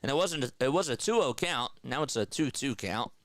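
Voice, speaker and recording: A man doing live baseball play-by-play for a stream, trading energetic banter with viewers between pitches. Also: brisk, no room sound.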